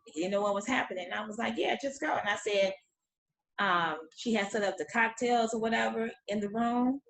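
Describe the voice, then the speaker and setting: Animated woman guest, higher voice, echoey room, storyteller who acts out every line. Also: a little fast, gravelly. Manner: animated, acts out quotes, laughs often. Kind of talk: casual storytelling chat.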